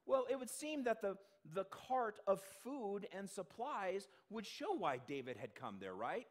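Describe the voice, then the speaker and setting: In a church sanctuary, a male pastor preaches conversationally in a high-pitched, very animated voice, going a little slow. He asks the congregation questions and acts out the voices of those he quotes.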